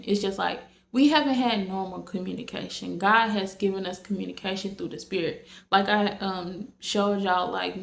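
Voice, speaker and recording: A woman talks slowly and casually to her viewers, circling back with fillers and restarts. Her voice is gravelly and flat in pitch. The room around her is echoey. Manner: rambling, many fillers and restarts. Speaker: vlogger. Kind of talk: casual late-night talk to camera.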